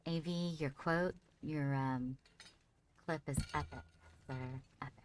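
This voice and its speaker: A woman with a notably deep, low voice, talking casually through a live gameplay stream. She chats easily with viewers and calls her character "darling" as she goes. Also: fairly even intonation, measured pace, a little hiss or hum. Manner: chatty, talks to her character and chat fondly. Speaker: livestreamer.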